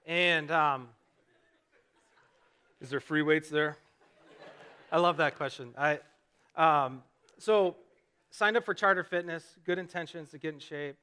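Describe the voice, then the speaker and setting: A middle-aged man preaching a sermon from the stage of a church sanctuary, with a fairly high voice and a bright, forceful tone. He talks in a relaxed, conversational way, pokes fun at himself and keeps asking the congregation rhetorical questions. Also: measured pace, pauses often, clear, resonant tone. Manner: conversational, self-deprecating storytelling with rhetorical questions. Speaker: pastor.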